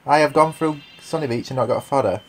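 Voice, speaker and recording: A man's voice: mid-range voice, fast, crowd noise. Laid-back man with short replies. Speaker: speedrun racer. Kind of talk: casual chat while racing.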